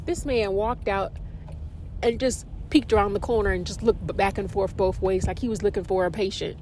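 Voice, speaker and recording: A woman hosting a casual podcast, telling a story in an animated, dramatic way. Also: normal speed, noisy background. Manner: animated and dramatic, with expressive pitch jumps. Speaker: podcast host.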